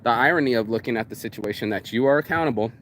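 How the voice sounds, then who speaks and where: A man's voice: medium pitch, very fast, a bit bright, slight background noise. A man vlogging outdoors in a rambling, profane casual monologue, calling the listener "bro". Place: outdoors in public.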